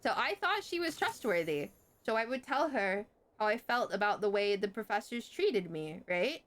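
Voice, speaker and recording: A young woman streamer telling a story in casual chat, swearing freely and jumping sharply in pitch. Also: big pitch swings, moderate pace, fairly bright tone, slight background noise.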